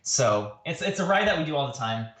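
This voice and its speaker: A man's voice: sing-song, a little fast, fairly bright tone. A man telling a story in a casual livestream chat, laughing often. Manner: laughing storyteller, jumps high when quoting. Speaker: guest artist. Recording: roomy echo.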